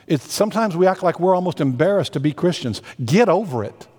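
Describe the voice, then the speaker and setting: A man's voice: high-pitched, expressive, fairly quick, dark tone. A man preaching a sermon as a senior pastor, earnest and emphatic, drawing out the words he stresses. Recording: long hall reverb.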